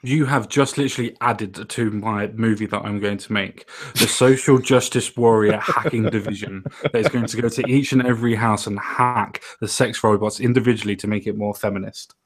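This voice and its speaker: A man's voice: on the low side, steady tone, normal speed. A man co-hosting a casual chat, explaining his points earnestly and at length.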